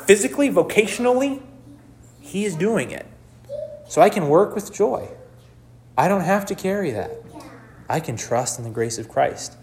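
A man preaching a sermon, swinging between loud, emphatic bursts and quiet, low lines, and acting out anxious voices in quotes.

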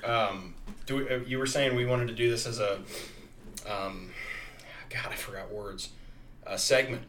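A man's voice: lowish voice, moderate pace, a bit bright, far from the mic, a little hiss or hum. A man co-hosting a casual comedy podcast with laid-back, dry remarks. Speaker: podcast co-host.

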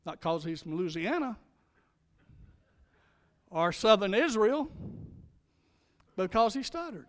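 High-voiced man preaching in a reverberant hall. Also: sing-song. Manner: emphatic preaching, slowing and speeding for stress. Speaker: pastor. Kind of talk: sermon.

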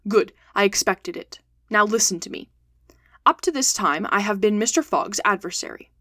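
A woman's voice: medium pitch, expressive, bright, forceful tone, dry recording, studio quality. A cold, calculating male detective, as a woman reader puts him on. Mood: calm. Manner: cold and measured.

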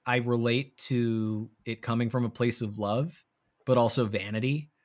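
A man co-hosting a casual movie podcast, rambling with many fillers and trailing off softly. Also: medium pitch, steady tone, moderate pace. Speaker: podcast co-host. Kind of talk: casual movie review chat.

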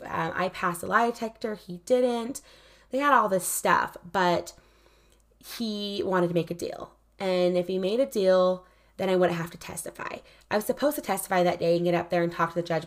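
A woman recounts a hard personal story in a casual, unscripted way, leaning on "like" as she talks. Her voice sits low and has a strong gravelly fry throughout. She sounds candid and emotional. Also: a bit bright. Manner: frequent "like" fillers, candid and emotional.

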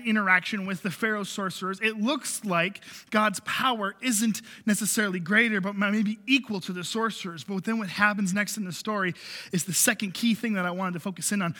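A man's voice: sits high, pushed and bright, long reverb tail. A man preaching a sermon, telling the story and repeating key phrases for emphasis. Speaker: pastor.

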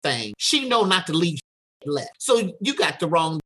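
A woman's voice: on the low side, very animated, a little slow, a bit bright, slightly rough, heavily acted. A woman voicing her fierce, protective mother who scolds and curses at a police officer. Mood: indignant. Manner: scolding, cursing, demanding. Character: fierce protective middle-aged mother, blunt and profane.

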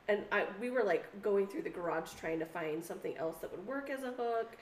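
Animated swearing woman storyteller. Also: mid-range voice, a little fast, hardly any pauses, roomy sound, a little hiss or hum. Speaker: podcast co-host. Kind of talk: casual chat.

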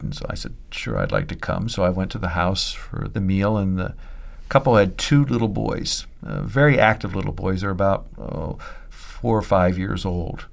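A man from Pennsylvania, a seminary professor and preacher, telling a story in an unhurried podcast conversation with fillers. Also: lowish voice, vocal fry.

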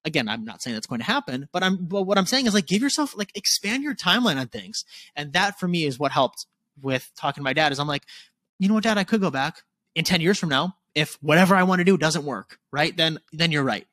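A man in his twenties talking candidly as a podcast guest, casual and animated, swearing freely. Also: fairly high pitch, fast, no room sound. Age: 20s.

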